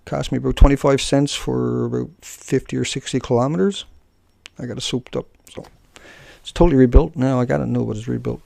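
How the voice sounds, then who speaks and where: A man with a gravelly, creaky voice talks straight at his viewers on an unscripted live stream. He goes after a commenter with scorn and taunts. The sound is dry and close, with no room echo. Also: medium pitch, steady tone, a little fast, a little mellow. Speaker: live streamer answering chat.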